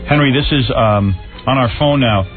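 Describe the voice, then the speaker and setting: A man's voice: mid-range voice, normal speed, soft background music. A man hosting a radio talk show, wry and offhand, chuckling between remarks. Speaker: radio host. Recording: tinny phone-like radio broadcast.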